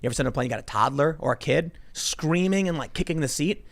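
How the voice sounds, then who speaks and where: A man hosting a political talk show, animated and chatty, acting out quotes in mocking voices. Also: a little high, fast. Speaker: podcast host.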